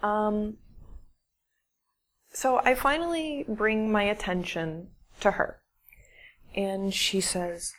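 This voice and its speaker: A woman telling a personal story in a shy, halting way, with restarts and dramatic pauses. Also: medium pitch. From English-speaking foreigner living in Russia. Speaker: English teacher telling a story. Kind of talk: casual spoken storytelling.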